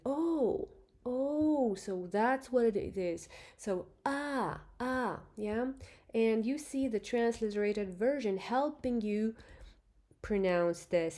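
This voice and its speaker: Slow, patient woman teaching Thai script. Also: medium pitch, mellow. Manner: slow, patient, demonstrates sounds with many fillers. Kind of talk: online language lesson.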